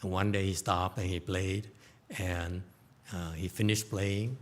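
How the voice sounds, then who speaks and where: Slow-spoken man giving a dharma talk. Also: sits low, flat delivery. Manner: informal, laughing, checks in with "okay?". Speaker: Buddhist teacher. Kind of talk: dharma lecture, storytelling. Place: temple lecture hall.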